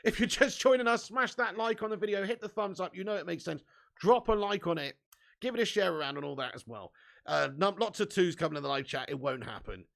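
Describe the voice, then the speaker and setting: A man's voice: high-pitched, animated, fairly quick, gravelly, fairly bright tone. A man hosting a casual fan live stream, chatty and laughing often, swearing freely and reading viewer comments aloud.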